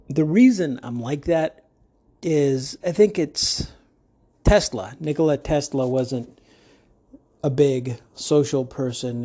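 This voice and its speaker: A man's voice: medium pitch, mellow, slightly rough. A man hosting a podcast, talking in a casual monologue with jokey, rambling asides. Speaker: podcast host.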